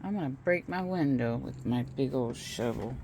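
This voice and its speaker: Holding her phone as she films, a Californian woman gives a chatty, rambling tour of her house and garden, inside and outside, switching to a high sing-song for her pets. Her voice is expressive, gravelly and dark at a moderate pace, with a little hiss or hum.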